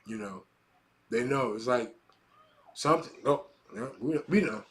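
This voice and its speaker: A man hosting a manga reaction video, excitable and swearing often, who reads panels aloud in a hushed voice between bursts of laughing commentary. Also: mid-range voice, a little slow.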